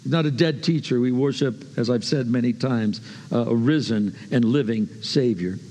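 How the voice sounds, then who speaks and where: A man preaching a sermon, emphatic and repetitive, swinging between hushed lines and loud bursts. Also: mid-range voice, moderate pace, big-room sound. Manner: emphatic, repeats phrases, shifts from hushed to loud.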